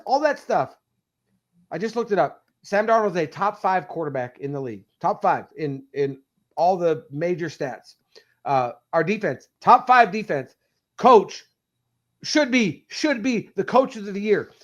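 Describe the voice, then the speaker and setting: Animated man ranting about football. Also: high-pitched. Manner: animated, ranting fan, quick bursts. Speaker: podcast co-host. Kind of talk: casual sports podcast chat.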